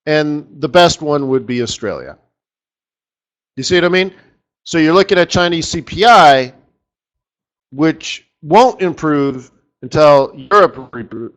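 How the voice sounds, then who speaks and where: A man hosting a live trading session, chatty and excitable, breaking into lively exclamations. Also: mid-range voice. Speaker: market strategist host. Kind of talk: live trading webinar commentary.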